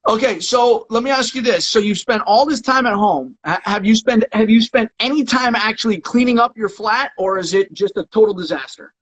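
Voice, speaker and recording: A man hosting an aftershow, chatting on a video call with a guest in a loud, teasing, playful way. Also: high-pitched, brisk, hardly any pauses, low-quality recording. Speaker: aftershow host. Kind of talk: casual interview chat.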